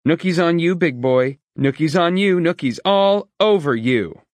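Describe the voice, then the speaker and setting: A man's voice: fairly high pitch, lively intonation, measured pace, no room sound, pitched above the performer's own voice. A man voicing a taunting, playful teenage girl in an audiobook, with a singsong teasing lilt.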